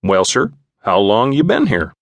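A man's voice: medium pitch, wildly swooping pitch, measured pace, no echo. A man voicing a friendly, folksy small-town postal worker who drops his word endings. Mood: eager.

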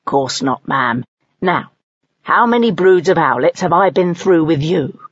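A fussy, houseproud old snake nursemaid who clucks with brisk reassurance, played by a woman narrator. Her voice is a little husky, recorded dry and dull. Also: lowish voice, animated, dry recording. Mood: proud, fussy. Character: prim, proud old female blind snake nursemaid.

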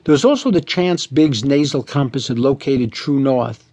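A man narrating his own humorous story in a wry, dry manner, giving the ornate, wordy prose a deadpan reading. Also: medium pitch, normal speed. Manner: flustered, stammering when he speaks as himself.

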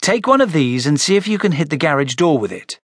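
A man's voice: fairly high pitch, sing-song, fairly quick, no echo, clean studio sound, pitched above the performer's own voice. A man voicing a friendly, eager young boy. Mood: encouraging. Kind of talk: audiobook character voice.

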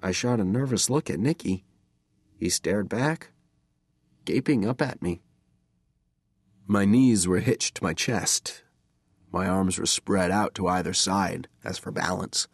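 A man reading a first-person horror story as an audiobook narrator, measured and dramatic. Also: deep voice, slightly rough, dry recording, studio quality.

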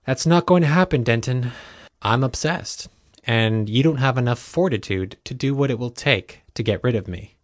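A calm, smug young man talks in a smooth, even, unhurried way, never ruffled, as a male narrator plays him. The voice is mid-pitched for a man and recorded dry and close, like a storybook read in a quiet booth. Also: dry recording, lightly acted.

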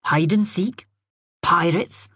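A woman reading the part of a cheerful young father who coaxes and jollies his small son along with bright, brisk encouragement. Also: low voice, very animated, husky, dry recording, studio quality, exaggerated voice. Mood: coaxing.

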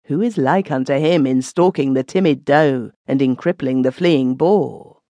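A woman voicing a sly young man who speaks in a drawn-out, ironic archaic manner. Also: rumbling low, warm tone, no echo. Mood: mocking.

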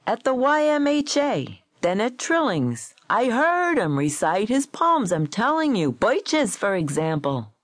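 A woman's voice: lowish voice, big pitch swings, a little mellow, no echo, clean studio sound. A woman reading the part of a brash male New York poet, answering back with sarcasm in a raised voice. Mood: defensive. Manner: sarcastic, quick retorts.

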